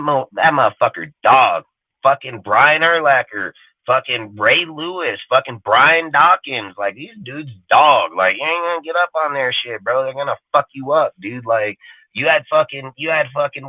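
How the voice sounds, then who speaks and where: A man rants in a live fan-show segment, blunt and profane, full of street slang. His voice sits at an ordinary middle pitch. It comes through dry and tinny, like a phone line. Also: no echo. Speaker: podcast co-host.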